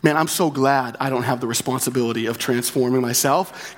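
A man's voice: medium pitch, brisk. Conversational male pastor preaching. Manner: conversational, with frequent tag questions; repeats key phrases for emphasis. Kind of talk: sermon.

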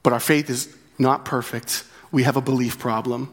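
A man's voice: medium pitch, steady tone, normal speed. Conversational male pastor preaching. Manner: conversational, with frequent tag questions; repeats key phrases for emphasis. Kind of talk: sermon.

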